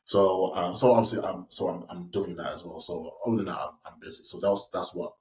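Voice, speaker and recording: A man's voice: sits low, steady tone, fairly quick, a little mellow, a little hiss or hum. A young English man from West Yorkshire, an actor guest in a casual interview, talking in a rambling way with many restarts and fillers. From West Yorkshire, England. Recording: echoey room.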